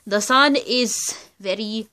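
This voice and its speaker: A young woman vlogging from home in the dark, melodramatic, swinging between yelling and flat mumbling. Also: a little high, slow pace. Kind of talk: casual home vlog.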